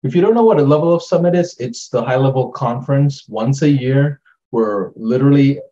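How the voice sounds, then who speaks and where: A man's voice: mid-range voice, dark tone, highs cut off. A man co-hosting an online workshop, talking in a casual, upbeat way and often saying "like". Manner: casual, upbeat, says "like" a lot. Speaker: workshop co-host. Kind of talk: webinar chat.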